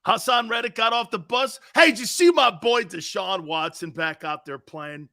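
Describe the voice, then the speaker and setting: A man hosting a sports talk show, mocking his critics with a combative swagger. His voice sits high and rough, with a bright, sharp edge. It swoops from low grumbles to loud jabs. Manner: mocking, combative, laughs at his own jokes. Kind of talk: brash sports talk rant.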